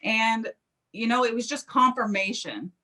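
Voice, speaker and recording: A woman's voice: a little high, measured pace. A woman, a psychic medium, telling a personal story in an interview and acting out the quoted speech. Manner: animated, acts out quoted speech.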